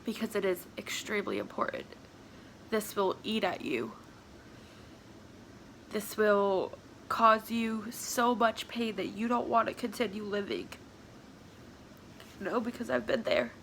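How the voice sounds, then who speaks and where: A tearful, sniffling woman talking at home in a personal confessional vlog, halting and soft, slipping into whispers. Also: mid-range voice, expressive, gravelly, a little hiss or hum. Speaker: vlogger.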